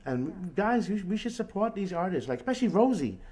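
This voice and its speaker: A man hosting a casual call, telling a rambling, animated story about life as a street musician and often asking "you know what I mean". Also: high voice, a little fast, slightly rough.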